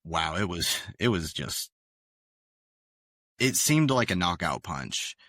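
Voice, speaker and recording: A man co-hosting a sports podcast in casual chat, talking in a measured, hesitant way with many fillers. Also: sits low, big pitch swings, sharp tone, dry recording, studio quality. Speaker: podcast co-host.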